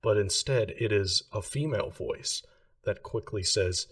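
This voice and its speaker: A low-voiced man narrates as game master of a tabletop game. His delivery is loose and casual, full of fillers, and his voice sounds set back from the mic. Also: a little slow, a bit bright, distant mic.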